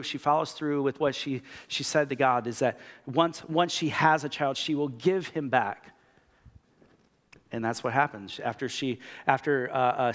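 Man preaching in a reverberant church hall. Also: mid-range voice. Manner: casual, animated storytelling with many fillers. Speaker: pastor. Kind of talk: sermon. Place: church auditorium.

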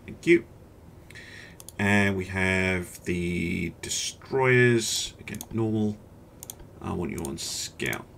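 A man hosting a gaming channel, giving relaxed gameplay commentary and thinking aloud as he works through choices, with hesitant fillers. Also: deep voice, drawn-out words, vocal fry, slight background noise.

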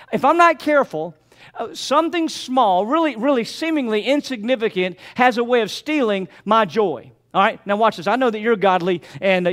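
An older man preaching a sermon as pastor, repeating phrases and calling out to his congregation. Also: high-pitched.

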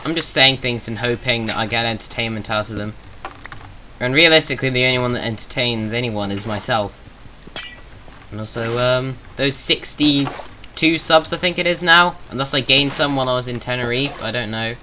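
Bright-voiced rambling English gamer guy. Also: mid-range voice, brisk, a little hiss or hum, low-quality recording. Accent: Southern English. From England. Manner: rambling, self-mocking, jokey asides. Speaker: gaming YouTuber. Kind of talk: rambling Minecraft gameplay commentary.

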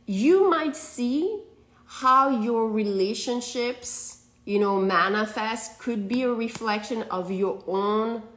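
A woman's voice: on the high side, takes it slowly, a bit bright. A woman giving a live astrology and tarot reading to viewers. She laughs often, rambles loosely, and keeps checking in with "okay?". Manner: loose, rambling delivery with restarts.

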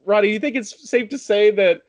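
A man's voice: high voice, no room sound. A man hosting a casual sports podcast, leading the talk and weighing the team's roster. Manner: fast, analytic, leads the talk. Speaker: podcast host.

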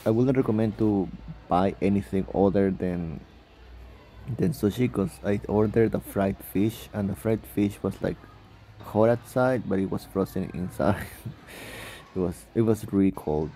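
A man's voice: fairly low pitch, measured pace, dark tone, a little hiss or hum. A sleepy young man rambling through a casual travel vlog voice-over, laughing and correcting himself often. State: sleepy, just woke up. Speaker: vlogger.

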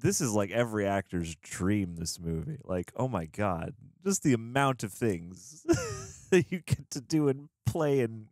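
A man hosting a movie reaction, talking casually and laughing often with loud exclamations. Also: lowish voice, wildly swooping pitch, a little slow, hardly any pauses, no room sound, clean studio sound.

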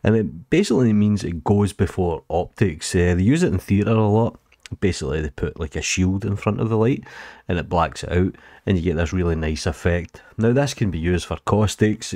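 A Scottish man with a very deep, low voice hosts a screen-recorded software tutorial. He explains things casually, chatty and informal with a few fillers. The sound is close and dry, with no room around it. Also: no room sound. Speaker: 3D tutorial host.

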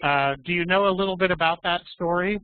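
Patient teacher on a tinny video call. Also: male voice, high voice, clean tone, no room sound. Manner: patient, explaining slowly with questions. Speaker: English teacher. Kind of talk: online class lesson. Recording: tinny phone-like audio.

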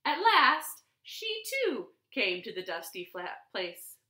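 A woman librarian giving an expressive storytime read-aloud from her living room. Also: medium pitch, slow pace, roomy sound. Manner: expressive, lively storybook reading. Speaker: children's librarian.

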